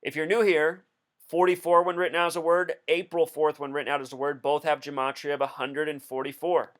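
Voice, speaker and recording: Smooth-voiced man, insistent explainer. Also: on the high side, little pitch movement, a little fast, a bit bright. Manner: insistent, explanatory, counting through numbers. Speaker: video host. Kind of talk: casual commentary.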